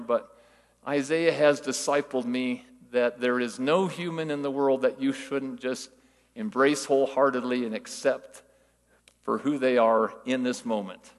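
Older guy preaching casual, folksy stories, gravelly voice, long echo like a big hall. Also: mid-range voice. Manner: folksy storytelling with rhetorical questions. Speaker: church teacher. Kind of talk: conversational sermon.

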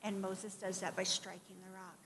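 A middle-aged woman preaching a sermon in a conversational, animated way, with asides and acted-out quotes. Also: medium pitch, normal speed. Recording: long hall reverb, faint background noise.

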